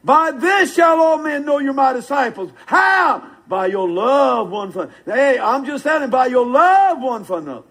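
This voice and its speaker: An older preacher with a strikingly high, husky voice. He preaches with folksy fervor and keeps calling out to his listeners for a response. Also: sing-song, moderate pace, hardly any pauses, a bit bright, poor audio. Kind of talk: sermon.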